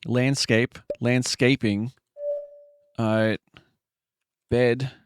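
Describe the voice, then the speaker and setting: A man streaming a word game live, muttering guesses to himself with sudden excited outbursts. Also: mid-range voice, extremely slow, clean tone, no room sound.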